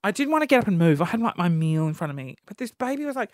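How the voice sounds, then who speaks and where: Animated man ranting. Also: sits high, racing. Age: 30s. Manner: exasperated, animated storytelling. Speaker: podcast host. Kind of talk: comedic rant.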